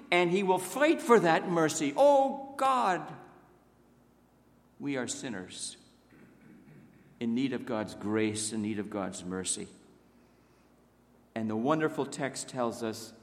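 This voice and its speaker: A man preaching a sermon in a church, emphatic, rising to raised exclamations and dropping to hushed low asides. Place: church sanctuary. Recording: long echoing reverb of a church hall.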